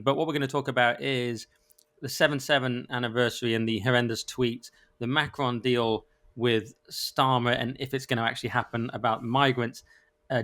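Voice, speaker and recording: A man's voice: medium pitch, a bit bright. A man hosting a casual political podcast, joking and self-deprecating as he rambles between topics. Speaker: podcast host.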